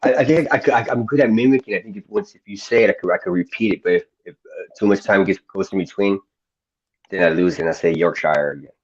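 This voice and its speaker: A playful man chats casually on a voice call, joking around. His voice sits fairly low, and the audio comes through a little dull and lo-fi. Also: quick pace, breathy edge. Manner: playful, joking, trying out British place names. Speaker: chat participant. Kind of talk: casual voice chat.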